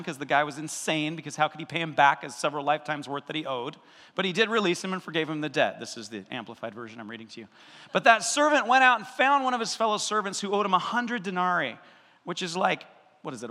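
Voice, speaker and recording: A male pastor preaching a sermon in an animated, conversational way, acting out voices and adding asides. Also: high voice, fairly quick, long reverb tail.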